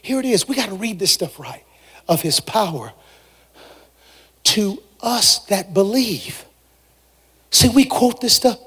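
Preacher man, really high voice, shouts and half-sings his lines, big echoey church hall. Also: animated, slow, long pauses, breathy edge. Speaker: pastor. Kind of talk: sermon. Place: church sanctuary. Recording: long reverb of a large hall.

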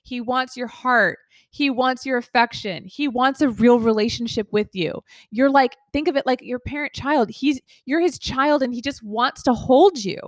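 A woman's voice: sits high, normal speed, dry recording. Earnest woman giving a devotional teaching. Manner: earnest, heartfelt, with many fillers and restarts. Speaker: Christian teacher.

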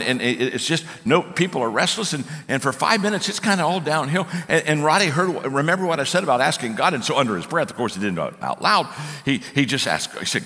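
A man preaching a sermon in a folksy, animated storytelling manner, with many restarts. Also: on the high side, in a large hall.

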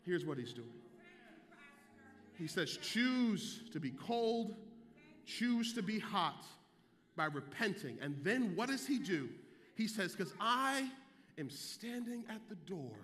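High, bright-voiced man preaching in a hall. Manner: builds from quiet, low teaching to shouted preaching. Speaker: pastor. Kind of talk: sermon. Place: church sanctuary.

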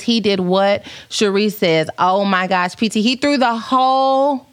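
A woman's voice: mid-range voice, no echo. A woman hosting a podcast, telling a story in a playful, dramatic casual chat and reading viewer comments aloud. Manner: animated, playful, dramatic retelling.

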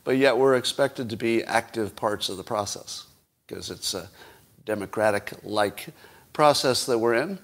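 A man's voice: lowish voice, unhurried, a bit bright. A man hosting a solo commentary show, talking casually and wryly, posing rhetorical questions with chuckling asides. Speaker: podcast host.

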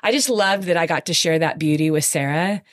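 A woman in conversation, recounting an endurance race in a casual, animated storytelling manner with frequent fillers and quick emotional bursts. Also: deep voice, dry recording, clean studio sound. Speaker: podcast guest recounting her race.

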